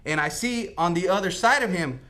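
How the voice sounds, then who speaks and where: A man's voice: sits high, expressive, fairly quick, pushed and bright. A man playing a laid-back night-shift janitor, telling his story in a rambling, slangy comic interview. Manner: rambling slangy talk, lots of "like" and "right?". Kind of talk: comic mock-news interview.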